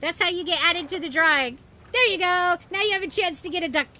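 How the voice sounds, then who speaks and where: A woman streaming a game, chatting casually with her viewers in a bubbly, excitable way. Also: extremely high pitch, fast. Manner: bubbly, excitable, cheering and laughing. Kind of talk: casual live-stream chat.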